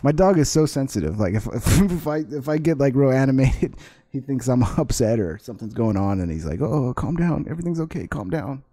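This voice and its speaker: Man, dark mellow tone, casual reaction commentary, swearing, laughing, talking to his dog. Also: medium pitch, lively intonation, brisk.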